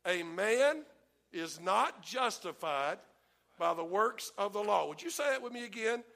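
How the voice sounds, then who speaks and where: A man preaching a sermon, animated, asking the congregation for amens and leading them in reading aloud. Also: sits high, unhurried, gravelly. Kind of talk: sermon with congregation read-along.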